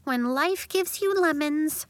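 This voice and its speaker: A woman voicing a cheerful, comforting young girl in a storybook reading, quick and reassuring. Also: sits high, dry recording, voice pushed up. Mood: upbeat.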